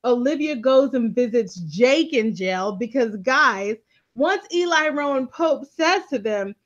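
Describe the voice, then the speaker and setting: A high-pitched woman chats through an episode recap, lively and expressive as she plays out the characters' quotes. The audio is a bit dull and lo-fi. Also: unhurried. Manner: animated storyteller, acts out quotes. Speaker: recap show co-host. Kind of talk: casual TV recap chat.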